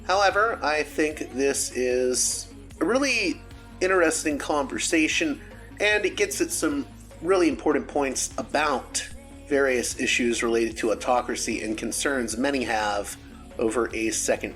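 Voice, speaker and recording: A man's voice: medium pitch, normal speed, a bit bright, soft background music. A man hosting a podcast interview, introducing his guest in a conversational way with frequent fillers. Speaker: podcast host.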